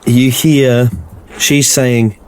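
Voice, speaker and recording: A man's voice: mid-range voice, flat delivery, very slow, smooth. A man narrating and running a tabletop horror game in an easygoing, chatty way. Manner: easygoing, laughing. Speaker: game master.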